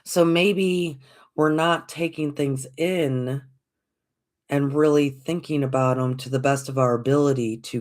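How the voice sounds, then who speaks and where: Gentle encouraging spiritual podcast host. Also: mid-range voice. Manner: gentle, encouraging, repeats phrases, asks rhetorical questions; addresses listeners as folks. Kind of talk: reflective spiritual talk.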